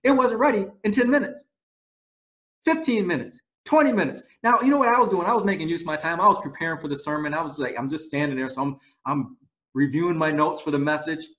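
Animated high-voiced preacher man. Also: fast talker. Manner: animated storytelling, rising to loud exclaims; soft prayerful closing. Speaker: pastor. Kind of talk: sermon.

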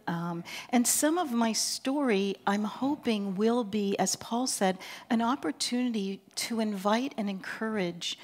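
A woman in her sixties from Pennsylvania, a counseling professor giving a reflective, conversational seminar talk at a church, with frequent fillers and a voice that often drops soft and low. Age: 60s.

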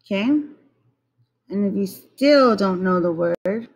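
A woman teacher speaks slowly and deliberately, repeating each word so young learners can count its syllables. Her pitch sits in a middle range and her tone is patient and instructional. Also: expressive, highs cut off. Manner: slow, repeats words to model syllables. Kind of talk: teaching lesson.

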